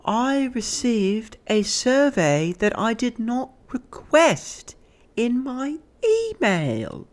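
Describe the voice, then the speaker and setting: A man voicing a haughty, indignant British woman who complains in a slow, drawn-out, imperious way, with a British accent. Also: extremely high pitch, wildly swooping pitch, pitched above the performer's own voice, heavily acted.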